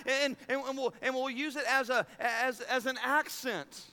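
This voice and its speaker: A man delivering a sermon in a high, bright voice. He preaches earnestly, stumbles over repeated words, and swells to loud emphatic peaks. His voice rings out with a long reverb through a large sanctuary. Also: steady tone, moderate pace, clean tone. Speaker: pastor.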